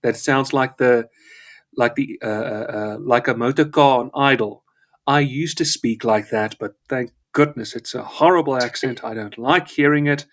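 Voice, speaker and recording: A man's voice: mid-range voice, normal speed. A man from South Africa who speaks with a polished British-schooled accent, a guest telling stories in a rambling, wry way on a live chat show. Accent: British-educated English, not South African.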